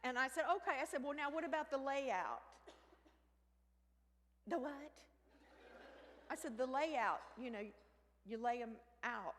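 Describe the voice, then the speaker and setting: A woman telling a comic story on stage, animated, with sudden shrieks and hushed asides. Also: high voice, a little slow, long pauses, slight background noise. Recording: reverberant hall with faint ambience.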